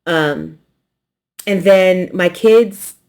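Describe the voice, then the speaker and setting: Woman host with a light Southern twang, lowish voice, chatty and loose, slurs some consonants. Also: extremely slow, clean tone. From New York. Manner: relaxed, rambling, swallows consonants. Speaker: quilting channel host. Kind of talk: casual unboxing chat.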